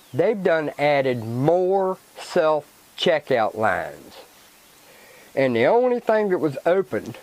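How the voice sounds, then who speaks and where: A man's voice: mid-range voice, darkish tone, rough recording. A man hosting his own vlog, ranting angrily and swearing, repeating himself as he goes. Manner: swearing, agitated ranting with repetition. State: angry. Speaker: channel host. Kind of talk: angry vlog rant.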